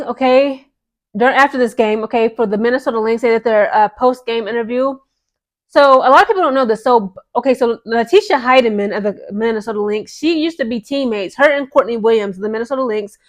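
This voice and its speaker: A woman vlogging casual basketball gossip commentary, animated and peppered with "okay?". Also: fairly high pitch. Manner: animated, repeats "okay?" often.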